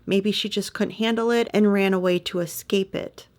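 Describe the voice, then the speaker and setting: A woman's voice: mid-range voice, steady tone, moderate pace, darkish tone. A woman hosting a podcast, reading scripted true-crime narration with sympathetic personal asides. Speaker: podcast host.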